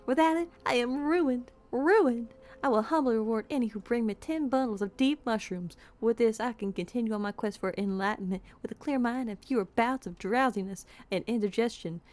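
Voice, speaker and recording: A panicky old mage, wailing in a high, loud voice as if his life depended on his herbs, as a woman puts him on. He is melodramatic and breathless, a game quest-giver stretched into a tragic monologue. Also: moderate pace, close to an everyday voice. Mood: frantic.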